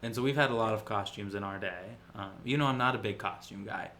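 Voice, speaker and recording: Low-voiced joking man, casual chat. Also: fast talker, bright, forceful tone, slight background noise. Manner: rambling, jokey, self-mocking. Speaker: podcast co-host.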